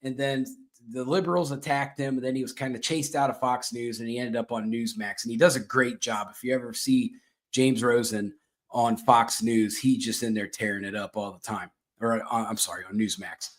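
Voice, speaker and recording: A man's voice: medium pitch, fairly even intonation, moderate pace. A man hosting a casual chat show, rambling and self-mocking with plenty of fillers and restarts. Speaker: show host.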